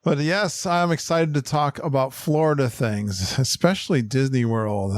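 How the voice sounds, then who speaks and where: A man's voice: medium pitch, no echo. A man hosting a podcast, chatting in an upbeat way and laughing often. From Connecticut, USA. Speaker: podcast host. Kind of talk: casual podcast chat.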